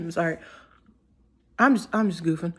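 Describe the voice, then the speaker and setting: A woman's voice: mid-range voice, husky. A tired young woman vlogging casually, giddy and giggly, rambling with many restarts.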